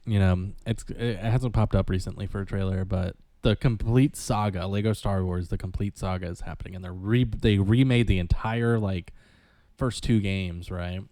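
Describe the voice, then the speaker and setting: A man's voice: low-pitched, fairly even intonation, normal speed, mellow, no echo. A young man, casually chatting and rambling through stories as a podcast co-host. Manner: laid-back, rambling storyteller. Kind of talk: casual chat.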